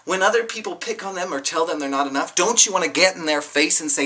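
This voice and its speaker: A young adult with a bright, forceful tone gives a raw, unscripted personal testimony. The delivery is impassioned and sometimes profane, dropping low and quiet and then rising into heated outbursts. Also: fast, few pauses. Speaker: vlogger sharing a personal story.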